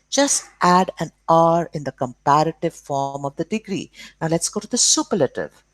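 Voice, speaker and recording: A woman teaches young children grammar at a slow, deliberate pace, drawing words out and spelling them letter by letter. Her fairly low voice swings widely up and down in pitch as she checks in with "okay". The sound is dry, with no room echo. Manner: says "okay" often to check along.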